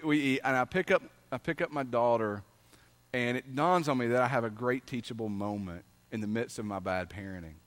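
Man preaching a sermon, somewhat high voice, dynamic delivery, slow drawn-out scripture reading. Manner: dynamic preaching, swinging from loud emphasis to soft asides; reads scripture aloud with slow, drawn-out emphasis. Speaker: pastor.

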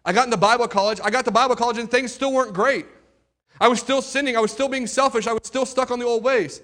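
Bright, forceful young man preaching. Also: very high-pitched, fast talker. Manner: dramatic storytelling, swinging between hushed and loud; talks straight to the crowd with questions. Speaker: youth speaker giving his testimony. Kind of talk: testimony sermon to a live audience.

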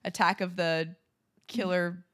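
Bright-toned woman cracking crude jokes. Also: lowish voice, flat delivery, slow. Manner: loud laughs, crude jokes, enthusiastic. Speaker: podcast co-host. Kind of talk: casual chat.

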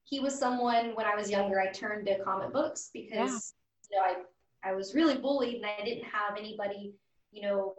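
A woman's voice: medium pitch, brisk, far from the mic, highs cut off. Chatty woman, echoey and off-mic. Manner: energetic and chatty. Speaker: podcast guest, anxiety coach for women. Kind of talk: casual podcast interview.

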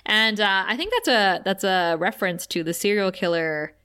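A woman co-hosting a podcast in casual chat, animated and laughing often as she acts out lines. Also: medium pitch, normal speed, smooth. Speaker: podcast co-host. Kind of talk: casual chat recapping a TV episode.

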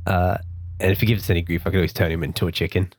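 A man's voice: sits low, steady tone, racing, no room sound, studio quality. A man, a tabletop player, speaking in an easygoing, helpful way.

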